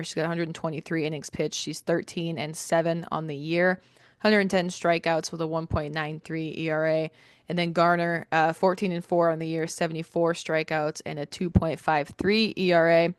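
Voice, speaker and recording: A young woman co-hosting a sports podcast, reading team stats in a steady list with filler ums, recorded with headphones on a close mic. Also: low voice, clean tone, no echo. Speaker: podcast co-host. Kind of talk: reading softball stats preview. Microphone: headphones and studio mic.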